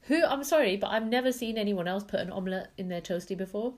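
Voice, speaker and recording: A woman's voice: medium pitch, fast, a little mellow. A young woman with a cold, chatting casually as a podcast co-host, stuffy and laughing at herself. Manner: chatty, laughing, self-mocking. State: congested, sick with a cold. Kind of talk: casual chat.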